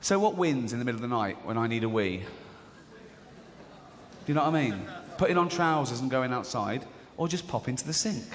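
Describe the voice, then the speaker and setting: A man's voice: mid-range voice, animated, brisk, slight background noise. A man doing a stand-up routine, telling stories in a chatty way and slipping into other people's voices. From England. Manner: conversational storytelling, acts out characters. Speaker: stand-up comedian. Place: large theatre on stage. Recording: live theatre reverb, faint crowd ambience.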